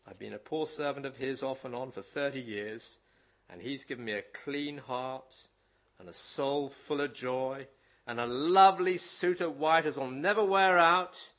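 A man voicing a rugged old Cornish miner and preacher, reading his tale aloud in a put-on Cornish accent with loud, rustic dialect. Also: medium pitch, unhurried. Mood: defiant, rousing. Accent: attempted Cornish. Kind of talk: dramatic reading in a sermon.

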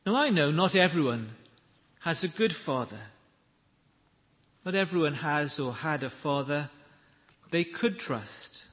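A man delivers a sermon in a church, his bright voice ringing in a long hall reverb. He speaks slowly and emphatically, pausing on key lines. His pitch sits a little high and moves in wide, expressive swings. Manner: measured, emphatic preaching with slow deliberate pauses. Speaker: preacher.

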